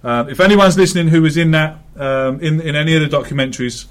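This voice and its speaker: A man's voice: on the high side, quick pace. Chatty man hosting football talk. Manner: chatty, swears, many fillers. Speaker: podcast host. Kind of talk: casual football chat.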